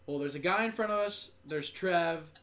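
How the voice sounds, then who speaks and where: Chatty storytelling guy, higher voice. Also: moderate pace, fairly bright tone. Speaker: podcast co-host. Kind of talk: casual sports chat.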